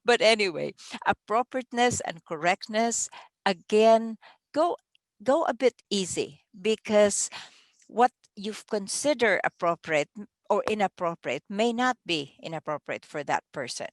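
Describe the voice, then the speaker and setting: In a training talk for contest judges, a woman goes over the ballot in a relaxed, conversational manner, sometimes restarting and giving a small laugh here and there. Her mid-range voice is animated and her pace measured. The recording has no room sound.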